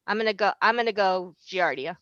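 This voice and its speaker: A woman, a school nurse on a podcast, who chats casually and reasons out loud while she guesses answers. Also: medium pitch, fairly quick, smooth, no room sound, highs cut off. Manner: chatty, thinks out loud.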